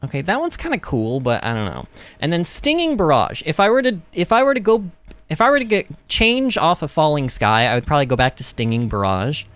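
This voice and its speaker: A man streaming a video game, chatting excitedly and talking back to the game. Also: on the high side, brisk, smooth, no room sound. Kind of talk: gameplay commentary.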